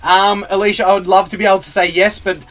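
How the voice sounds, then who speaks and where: A man's voice: high-pitched, little pitch movement, fast talker, a bit bright, faint music behind. A man streaming as he opens card packs, chatting casually, reading out viewer comments and laughing often. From Australia. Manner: chatty, laughs a lot, reads out chat comments. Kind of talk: casual live-stream chat.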